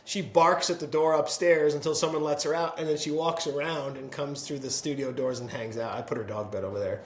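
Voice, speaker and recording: A man's voice: on the high side, steady tone, fairly quick, a little hiss or hum. A man hosting a casual video-call chat from his home pottery studio, friendly and talkative, laughing often. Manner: chatty, laughs often, breaks into playful voices when quoting. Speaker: podcast host. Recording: roomy studio echo.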